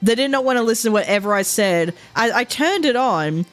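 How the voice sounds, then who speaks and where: A woman's voice: a little high, lively intonation, fairly quick, soft background music. A young woman, telling a long story as a streamer, rambling with lots of fillers and quoted asides. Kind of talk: casual storytelling while streaming.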